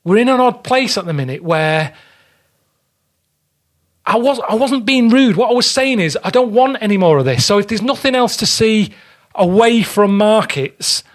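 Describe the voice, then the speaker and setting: A man's voice: high-pitched, animated, normal speed. A man, a podcast guest telling blunt, grumbling anecdotes with the odd swear word in casual chat. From England.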